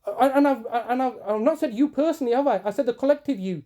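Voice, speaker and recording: A campaigner with a mellow yet very high-pitched voice confronts a solicitor in a heated phone argument, then comments to camera. He's insistent and repetitive, halting with stumbling restarts.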